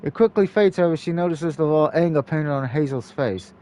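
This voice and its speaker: A man narrating a story game aloud in a steady, storybook-like reading manner. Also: on the high side, fairly quick, hardly any pauses. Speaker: let's-play narrator.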